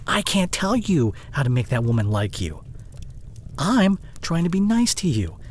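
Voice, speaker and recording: A man's voice: on the high side, sing-song, unhurried, breathy edge, full character voice, low-quality recording. A man playing an overworked, short-tempered boyfriend. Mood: frustrated, heated. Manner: emotionally charged, intimate second-person address. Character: overworked young adult boyfriend, short-tempered but loving. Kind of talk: audio roleplay drama addressed to the listener. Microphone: close studio condenser mic.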